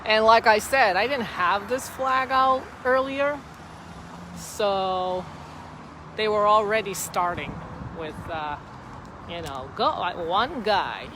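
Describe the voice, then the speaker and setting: Taking it slowly, a medium-pitched woman chats on a casual phone live stream outdoors by a street at a protest. She holds the phone herself and speaks in a rambling, repetitive, emphatic way over traffic and wind noise.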